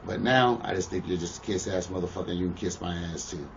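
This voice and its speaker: Low-voiced, foul-mouthed man on a muffled, distant mic; good fit for a straight-talking tough guy in a shoot interview. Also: fast, creaky, a little hiss or hum. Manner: blunt, profane, keeps asking "you know what I'm saying". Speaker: pro wrestler interviewee. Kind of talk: shoot interview, casual storytelling.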